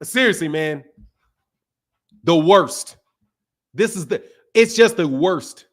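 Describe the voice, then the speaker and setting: A fairly high-pitched young man hosts a boxing stream in a heated rant. He repeats his points over and over, swears freely, and jumps between loud, shouted bursts and low, muttered asides. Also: animated, takes it slowly. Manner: emphatic, repetitive, profane, swings between loud and quiet. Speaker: boxing channel host.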